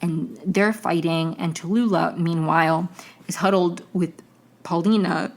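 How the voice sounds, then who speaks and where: A woman's voice: lowish voice, fairly even intonation, a little slow. A young woman hosting a podcast, recapping a TV episode in a rambling, chatty way full of tangents and self-corrections. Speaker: podcast host.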